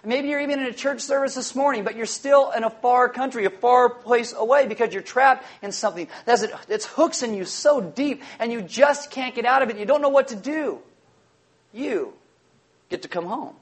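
High-voiced man preaching a sermon. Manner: emphatic, repeats key lines, slows for emphasis. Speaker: pastor.

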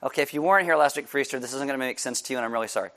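A man's voice: medium pitch, rapid-fire, a bit bright. A man who is a pastor, giving a casual, joking sermon that also includes announcements and a prayer. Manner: joking, chatty, self-deprecating. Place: church service.

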